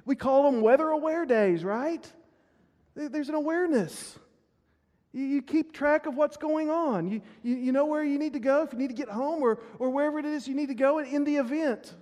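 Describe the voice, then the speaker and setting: A man's voice: extremely high pitch, dark tone. A male pastor preaching a sermon earnestly, often repeating words as he builds a point. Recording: reverberant hall.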